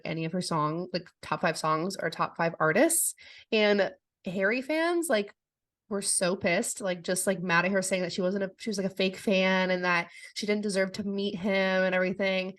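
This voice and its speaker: A young woman co-hosting a casual podcast, chatting easily with a friend. Her talk is loose and full of "like" fillers, broken by quick giggles. Her voice sits at an ordinary pitch for a woman. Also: fairly bright tone. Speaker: podcast co-host. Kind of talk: casual chat.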